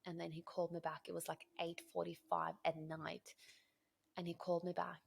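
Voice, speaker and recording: Gravelly-voiced woman telling a story. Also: on the low side, moderate pace. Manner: animated, emotional storyteller who acts out dialogue. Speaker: podcast host. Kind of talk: personal storytelling monologue.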